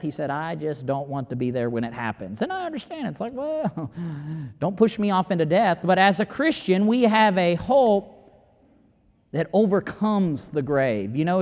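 Man preaching a folksy sermon, higher voice, hall reverb. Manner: folksy, conversational preaching with scripture quotes.

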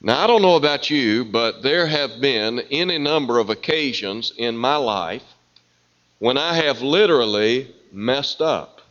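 A man preaching a sermon, his voice nasal and stuffy from a cold, speaking in a measured, earnest way. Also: mid-range voice, animated, fairly bright tone. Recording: dull lo-fi sound.

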